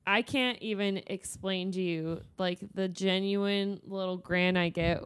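A woman in her thirties co-hosts a podcast with a playful, teasing manner. Her voice sits at an ordinary middle pitch, and her humor runs crude. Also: fairly even intonation, unhurried, clear, resonant tone. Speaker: podcast co-host. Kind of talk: casual chat.

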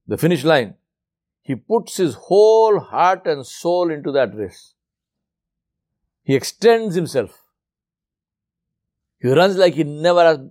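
With a slightly mellow voice, a man delivers a narrative sermon. He gives the people in his tale their own voices and brings his tone down for the takeaway.

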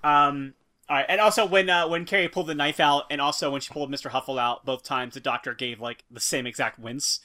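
A man's voice: on the high side, fairly even intonation, a little fast, pushed and bright. A man playing a tabletop game who interjects and laughs, recorded remotely. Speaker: player. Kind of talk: casual tabletop play.

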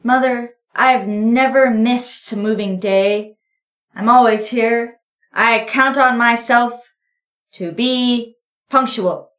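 A woman's voice: fairly high pitch, takes it slowly, fairly bright tone. A woman playing in a tabletop game, eagerly chatting in character and describing her moves. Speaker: player. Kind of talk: tabletop role-play. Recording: roomy echo.

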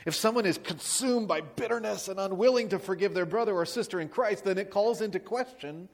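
A man preaching a sermon as a pastor, telling a story with lively emphasis and dropping to quiet, soft lines for his points. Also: high voice, fairly quick. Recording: long hall reverb.

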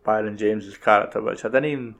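A man's voice: lowish voice, fairly even intonation, fast, a bit bright. A young Scottish man chatting casually and swearing freely while rambling through a film recap. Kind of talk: casual chat.

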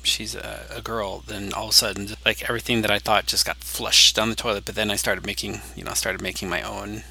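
A man's voice: fairly low pitch, flat delivery, a little fast, vocal fry, hardly any pauses, bright, forceful tone, a little hiss or hum, rough recording. An American man co-hosting a casual podcast chat, rambling and eager as he spins fan theories. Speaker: podcast co-host.

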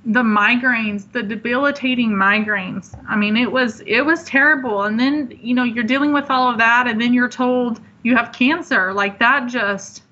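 A woman in her thirties as an interview guest, telling her story in a heartfelt, halting way with many pauses. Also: on the high side, bright, forceful tone. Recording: dull lo-fi line.

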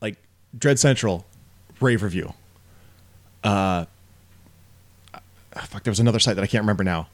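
A man's voice: lowish voice, normal speed, long pauses. A man co-hosting a podcast, talking casually and bluntly about a film, with frequent swearing and rising disbelief. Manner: profane, blunt, animated when incredulous. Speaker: podcast co-host. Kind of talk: casual film review chat.

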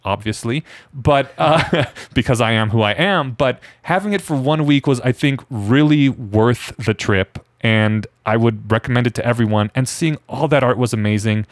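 A man's voice: mid-range voice, normal speed, no echo, clean studio sound. Chatty, enthusiastic podcast man. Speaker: podcast co-host. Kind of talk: casual podcast conversation.

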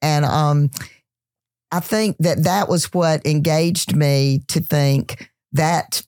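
A woman's voice: low-pitched, takes it slowly, dry recording. Southern woman chef, dry close sound. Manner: animated, many restarts and "you know"s. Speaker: celebrity chef and entrepreneur, guest. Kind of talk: casual interview storytelling.

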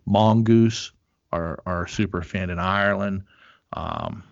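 A middle-aged man rambles through a casual podcast chat, full of fillers, restarts and cheerful swearing. His voice sits low. The recording is dry and a little dull, with no room sound. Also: slow, creaky, dry recording. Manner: rambling, profane, lots of fillers. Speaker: podcast host.

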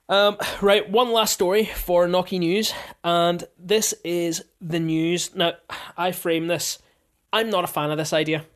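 A woman hosting a casual sports podcast, telling stories chattily and laughing often. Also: on the low side. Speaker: podcast host.

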